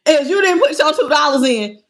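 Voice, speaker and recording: Animated and brisk, a woman with a high voice hosts a live tarot reading. She greets chat viewers by name, laughs a lot, and playfully sings snippets.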